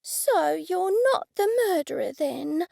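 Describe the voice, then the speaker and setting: Woman narrator voicing a kind woman sleuth, placating, high-pitched, gravelly. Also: very animated, a little slow, dry recording, clean studio sound, exaggerated voice. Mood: gentle. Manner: placating, gentle, upbeat.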